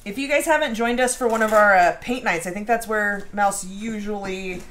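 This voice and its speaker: A woman's voice: mid-range voice, normal speed, a bit bright, a little hiss or hum. A woman hosting a casual home baking live stream, chatting and reading out viewer comments. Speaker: baking show host. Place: home kitchen.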